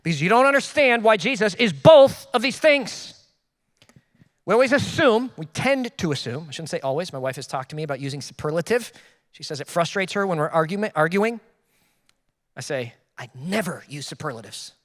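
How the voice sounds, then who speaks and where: A male pastor preaching with a high, bright-sounding voice, swinging between loud emphatic bursts and quiet self-deprecating asides. His voice rings out with a long reverb, as in a church hall. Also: expressive, brisk. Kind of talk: sermon.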